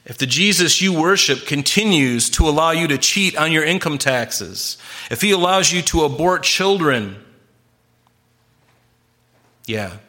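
Man, pastor, preaching, bright forceful tone, earnest, emphatic, repeats himself. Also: a little high, animated, normal speed. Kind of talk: sermon.

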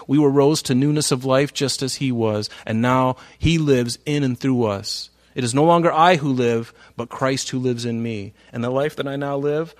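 A man preaching a sermon, reading scripture aloud and explaining it. His delivery swings from quiet asides to loud, stressed phrases. The sound is dry and close, with no room echo. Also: mid-range voice. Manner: reads scripture aloud and comments on it. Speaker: pastor.

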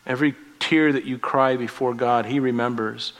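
A man in his forties preaching a sermon as pastor, rising in force on scripture and dropping soft on tender points. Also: mid-range voice, steady tone, moderate pace. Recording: long reverb of a large hall.

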